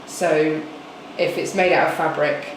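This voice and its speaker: A former design student chats casually in an interview, rambling a little and leaning on fillers. The voice rings in a very reverberant room. A steady air-conditioning hum sits clearly underneath. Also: mid-range voice, unhurried. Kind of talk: interview answer. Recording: very echoey room with background hum.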